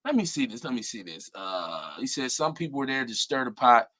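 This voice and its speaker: A middle-aged man co-hosting a casual talk show, animated and profane, laughing often and mimicking people. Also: mid-range voice, brisk. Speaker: co-host.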